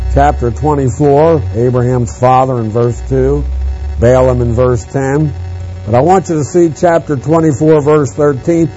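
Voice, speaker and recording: A man preaching a Bible-teaching sermon, reading scripture aloud in a slow, deliberate manner. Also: fairly high pitch, a little mellow. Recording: dull lo-fi sound with mains hum and faint music.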